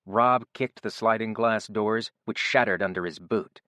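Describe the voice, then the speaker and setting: A man narrating an audiobook in a steady, even storytelling voice. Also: lowish voice, a little slow, clean tone, no echo. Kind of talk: scripted narration.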